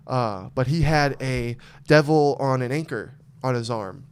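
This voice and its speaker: Dude telling long rambling stories on his podcast, swears a lot, smooth clear voice. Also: mid-range voice, measured pace. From Arizona. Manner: loose, profane, rambling storytelling. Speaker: podcast host. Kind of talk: casual podcast chat.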